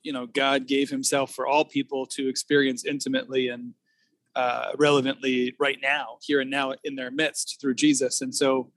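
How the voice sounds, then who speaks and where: A man who is a pastor, talking in a casual faith conversation, reflective with dry humor and halting pauses. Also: medium pitch, flat delivery, a bit bright. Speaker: Christian pastor.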